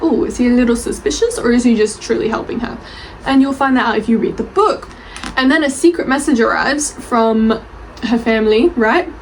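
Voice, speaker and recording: A woman's voice: fairly high pitch, a little hiss or hum, low-quality recording. A young woman chatting in a rambling, gushing way about her favorite books, swearing casually and laughing as she goes. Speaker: book reviewer and author. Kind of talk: casual bookish vlog chat.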